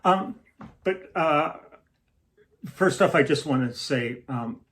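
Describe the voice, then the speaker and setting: A man's voice: fairly high pitch, lively intonation, slow pace, a bit bright. Rambling man chatting to his camera. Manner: rambling, self-interrupting storyteller. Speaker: musician hosting a home livestream. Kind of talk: casual chat to camera.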